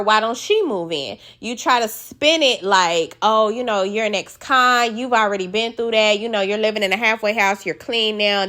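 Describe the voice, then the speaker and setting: Bright, animated woman; blunt, profane recap host who mimics the people she talks about. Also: mid-range voice. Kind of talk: casual reality-show recap commentary.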